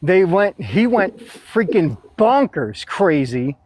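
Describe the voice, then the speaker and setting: A man with a fairly high voice telling a story in a relaxed group call. He acts out everyone's lines with lively energy and laughs often. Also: slow pace. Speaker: guest sharing a court story. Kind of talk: casual group chat.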